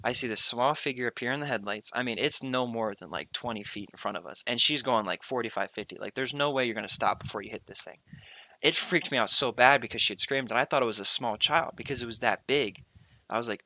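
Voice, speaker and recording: Bright young man telling a story. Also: medium pitch, fast, no room sound, low-quality recording. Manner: rambling, heavy on fillers and slang. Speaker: podcast host. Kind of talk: casual storytelling.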